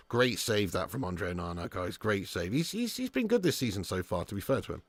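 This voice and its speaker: A man hosting a live football watch-along, commentating and reading viewer chat, excitable and swearing freely. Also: lowish voice, a little hiss or hum. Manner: excitable, swears freely, swings from muttering to shouting. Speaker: fan channel host.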